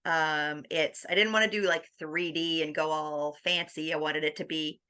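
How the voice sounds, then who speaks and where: A woman guest on an interview podcast, telling her story in a lively, animated way. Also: deep voice, moderate pace, clean tone. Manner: animated, acts out quoted dialogue with laughs.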